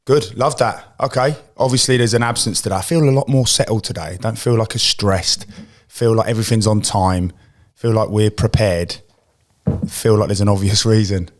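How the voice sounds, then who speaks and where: Jokey english guy in his 40s hosting a podcast, lowish voice, rambles a lot. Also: steady tone, moderate pace. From England. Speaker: podcast host. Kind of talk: casual chat.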